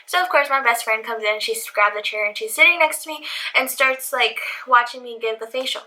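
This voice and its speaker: Chatty bright-voiced young woman. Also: fairly high pitch, brisk, poor audio. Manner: chatty, heavy use of "like". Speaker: vlogger. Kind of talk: casual storytime.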